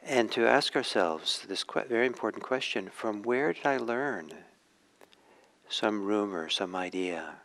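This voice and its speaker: Deep gravelly-voiced male meditation teacher. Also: animated, poor audio. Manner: gentle, unhurried, with hesitations. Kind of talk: dharma talk storytelling.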